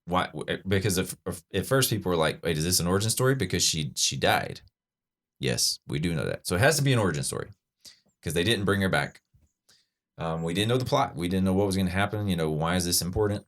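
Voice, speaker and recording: Breaking down a trailer on his podcast, a man speaks in a low, slightly bright voice, fairly fast and animated. He chats enthusiastically and casually, stumbling through plenty of fillers and restarts.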